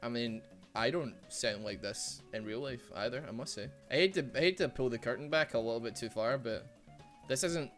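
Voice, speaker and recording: A man with a Glaswegian Scottish accent giving chatty, excitable commentary over his game, laughing often and trailing off into fillers. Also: medium pitch, brisk, soft background music. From Glasgow, Scotland. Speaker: streamer. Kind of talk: casual gameplay commentary.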